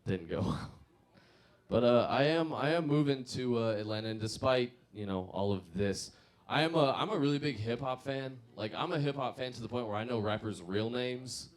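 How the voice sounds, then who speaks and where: A man's voice: medium pitch, expressive, normal speed. A man in his mid-twenties doing profane stand-up comedy and working the crowd.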